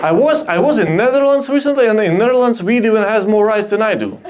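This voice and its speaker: A young man from Belarus with a Belarusian accent, doing a halting, deadpan stand-up set at a comedy club. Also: high-pitched, a crowd in the background. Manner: deadpan, halting, with restarts and self-deprecating asides. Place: comedy club stage with a laughing audience. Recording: live club audience laughter.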